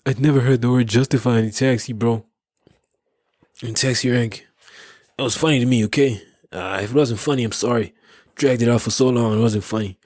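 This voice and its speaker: Husky South African man telling stories. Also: mid-range voice, fairly even intonation, brisk, darkish tone, dry recording, studio quality. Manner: rambling, laughing, many restarts. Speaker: podcast host. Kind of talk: casual storytelling.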